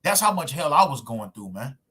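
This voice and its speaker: A man's voice: medium pitch, very animated, a little fast, bright, forceful tone, husky. A man preaching a sermon to camera in casual slang, pressing his points with rhetorical questions. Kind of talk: street preaching sermon video. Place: at home recording himself with screen share.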